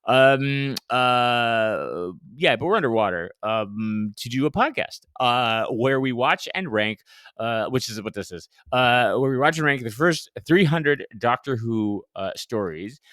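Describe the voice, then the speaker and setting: A man's voice: medium pitch, animated, measured pace, fairly bright tone, no echo, clean studio sound. A man co-hosting a podcast in casual chat, joking and rambling with lots of fillers. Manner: jokey, rambling with many fillers. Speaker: podcast co-host.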